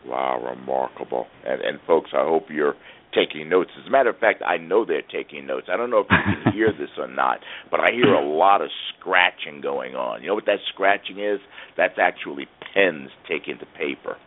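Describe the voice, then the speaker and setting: A man's voice: a bass voice, lively intonation, moderate pace. A man hosting a radio interview, speaking enthusiastically and addressing his listeners. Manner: enthusiastic, talks to the audience. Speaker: radio show host. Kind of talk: casual interview. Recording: phone-line audio.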